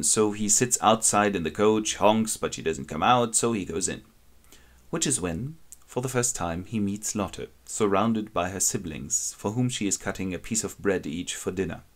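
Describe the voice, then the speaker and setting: A man wryly retelling a classic novel as a comic summary. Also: fairly low pitch. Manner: wry, ironic storytelling. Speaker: narrator.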